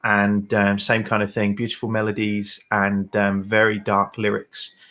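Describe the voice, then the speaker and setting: A man's voice: fairly low pitch, monotone, measured pace, sharp tone. A man co-hosting a folk music livestream, chatting casually with fillers and rambling asides. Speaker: livestream co-host and singer.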